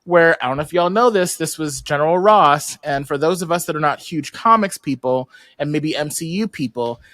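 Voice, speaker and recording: A man hosting a podcast, recapping an episode in animated casual chat and slipping into slangy voices as he quotes characters. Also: on the high side, moderate pace, no echo, studio quality. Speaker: podcast host. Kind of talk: casual recap among friends.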